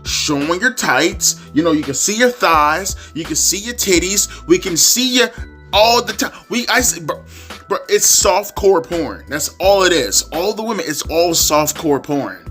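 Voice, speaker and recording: A man's voice: high-pitched, lively intonation, a little slow, pushed and bright, soft background music. A young man ranting as a YouTube wrestling commentator, profane, repetitive and exasperated.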